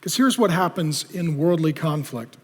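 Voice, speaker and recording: Brief: high-voiced male pastor, very animated sermon delivery, long hall reverb. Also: moderate pace. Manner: animated preaching, rhetorical questions to the audience.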